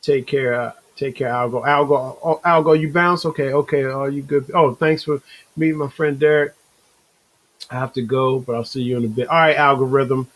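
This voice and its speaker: Male live-stream host, mid-pitched, husky voice, casual rambling chat with viewers. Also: steady tone, moderate pace, poor audio. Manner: loose and rambling, calls viewers bro, reads chat comments aloud.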